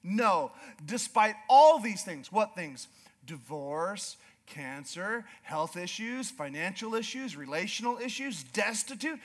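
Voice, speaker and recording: A man preaching a sermon as pastor, retelling scripture in a hushed voice and building to loud, fervent declarations, often repeating words as he restarts. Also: high voice, lively intonation, slow.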